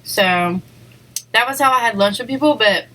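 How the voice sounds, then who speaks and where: A woman's voice: on the high side, normal speed, bright, forceful tone, slight background noise, poor audio. A woman vlogger chatting casually while she eats on camera, rambling between bites with little eating sounds. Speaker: mukbang vlogger. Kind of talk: casual eating vlog chat.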